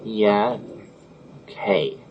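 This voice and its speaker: A man hosts a casual podcast, chatting loosely, laughing often, and frequently restarting his sentences. His fairly low voice has lively intonation but moves very slowly, and the lo-fi audio carries faint noise.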